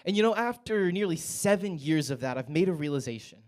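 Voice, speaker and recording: A man's voice: fairly high pitch, lively intonation, fairly quick. A young American man performing a stand-up set in a comedy club, with a wry, self-mocking delivery.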